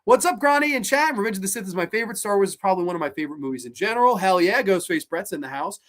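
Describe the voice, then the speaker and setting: A host in their late twenties, chatting casually on a live stream, animated, swearing freely and often restarting sentences. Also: mid-range voice, rapid-fire. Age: late 20s. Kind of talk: casual live stream chat, reacting to viewer comments.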